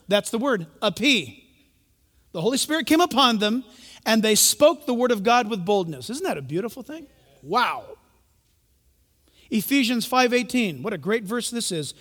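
A man with a high-pitched voice delivers a sermon in a large church hall. He moves between hushed storytelling and sudden loud calls to the congregation. Long reverb hangs on every phrase. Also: sing-song, normal speed. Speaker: pastor.

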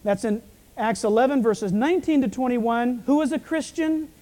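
Male pastor, croaky frog-like voice, warm low tone, preaches with casual anecdotes. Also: moderate pace. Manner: storytelling preacher with self-deprecating asides. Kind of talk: sermon.

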